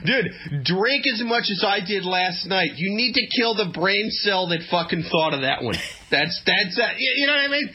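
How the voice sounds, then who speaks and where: A man's voice: high voice, lively intonation, moderate pace, few pauses, breathy edge, dull audio. A man co-hosting a podcast, riffing crudely and swearing freely. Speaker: podcast co-host. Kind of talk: casual podcast chat.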